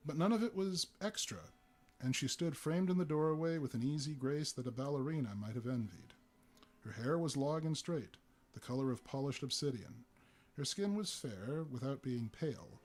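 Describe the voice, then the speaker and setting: A man giving a live reading of a humorous story, narrating deliberately with occasional fillers. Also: mid-range voice, darkish tone. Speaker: reader.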